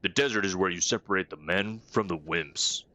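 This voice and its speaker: A curt, scornful burly weapon-seller from a fantasy game, read out by a man. He has a low voice with a forceful, bright edge, recorded dry and close. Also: normal speed, no room sound. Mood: gruff. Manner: curt, scornful line reading. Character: arrogant burly male weapon-shop owner, gruff and sexist. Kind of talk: reading game dialogue aloud.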